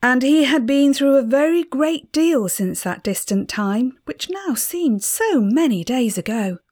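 Expressive woman reading a storybook. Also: high voice, measured pace. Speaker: audiobook reader. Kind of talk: storybook narration.

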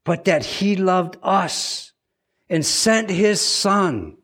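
Male preacher, higher register, earnest sermon delivery with repeated words for emphasis. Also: lively intonation, extremely slow, fairly bright tone. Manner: earnest, repeats words when stressing a point.

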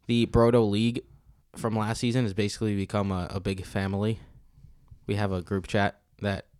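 A young man co-hosting a fantasy football podcast, easygoing and quick to laugh. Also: fairly low pitch, level tone, darkish tone, smooth, dry recording, studio quality. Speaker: podcast co-host. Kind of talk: casual podcast chat.

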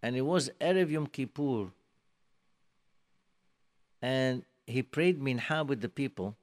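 A man giving a sermon, telling a story emphatically and swinging between soft and loud, with many restarts. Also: mid-range voice, lively intonation, slow pace. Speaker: rabbi giving a talk.

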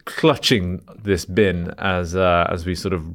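A young man tells a story with a very low, deep voice. His delivery is dry and self-mocking, and he keeps a casual podcast chat rolling along. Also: steady tone, a little slow, fairly bright tone.

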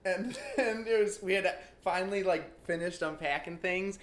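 A young man with a slightly raised pitch tells a story, laughing often and filling his talk with casual fillers. The room sounds echoey, with a faint ambient hum behind him. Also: normal speed. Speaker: guest telling a story.

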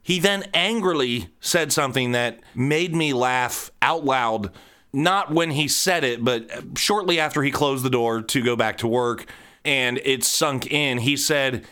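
A middle-aged man hosting a casual monologue, blunt and profane, telling animated stories. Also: medium pitch, a little slow, clean tone.

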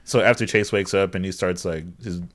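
A man co-hosting a podcast, recapping a movie with dry, deadpan jokes. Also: low voice, brisk. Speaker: podcast co-host. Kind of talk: casual movie recap chat.

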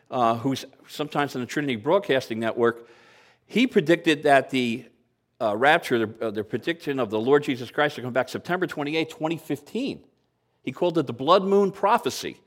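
A man in his sixties preaching a sermon to a congregation, conversational and lightly humorous, asking the listeners rhetorical questions. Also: mid-range voice. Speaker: pastor.

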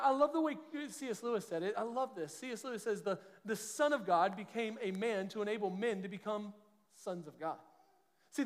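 High-voiced preacher in an echoing hall. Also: male voice. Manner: earnest, conversational preaching with quick restarts. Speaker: pastor. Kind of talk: sermon.

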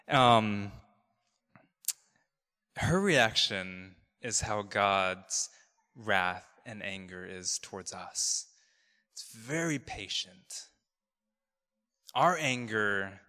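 A man's voice: on the low side, sharp tone. A man preaching a casual storytelling sermon, chatty and loose, with lots of fillers and restarts. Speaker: pastor. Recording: long reverb of a large hall.

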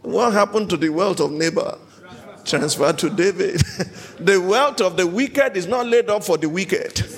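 High gravelly preacher man, storytelling sermon w big shouty peaks, long echo like a big hall. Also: unhurried. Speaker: pastor.

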